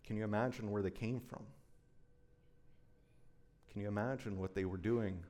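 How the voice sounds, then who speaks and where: A man's voice: fairly low pitch, steady tone, normal speed, darkish tone. A man preaching a sermon as pastor, intense and urgent, driving points home with emphatic repetition.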